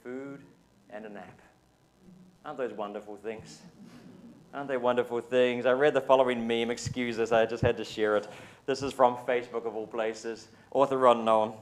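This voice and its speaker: A male pastor from New Zealand with a New Zealand accent, delivering a Sunday sermon at a mid pitch. He keeps it conversational and informal, often tagging his points with a quick question to the people in the pews. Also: steady tone. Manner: conversational, often asks the congregation "right?". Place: church service.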